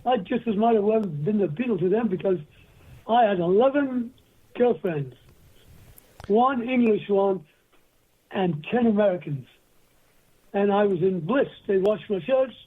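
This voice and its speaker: Older male guest, husky, anecdotal storyteller, phone-line sound. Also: high-pitched, lively intonation, measured pace, long pauses. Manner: rambling anecdotal storyteller, acts out quoted voices. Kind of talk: storytelling interview.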